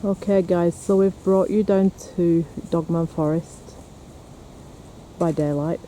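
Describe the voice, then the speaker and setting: Man, high voice, mellow tone, chatty vlog narration, outdoors, faint wind noise. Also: fairly even intonation, slow pace. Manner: chatty, teasing, talks to camera. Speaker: paranormal investigator vlogger. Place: outdoors on a windy hill and in woods.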